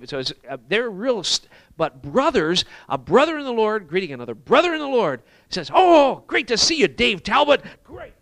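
A man preaching in a church, telling a story in an animated way and acting out the exclamations of the people he quotes. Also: fairly high pitch, dry recording. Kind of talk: sermon storytelling.

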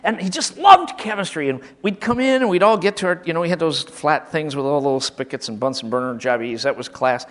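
Barely pausing, this man from Michigan talks briskly in a slightly high voice. He shares comic stories about former teachers in an animated, casual way, acting out quotes and frequently starting over.

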